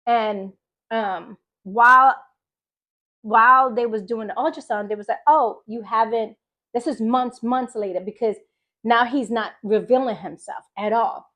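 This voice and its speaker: A woman's voice: fairly high pitch, unhurried. Emphatic woman telling her testimony. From Philadelphia. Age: adult mother. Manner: emphatic, repeats phrases for effect; lively storytelling, acts out conversations. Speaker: faith vlogger. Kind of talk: personal birth testimony.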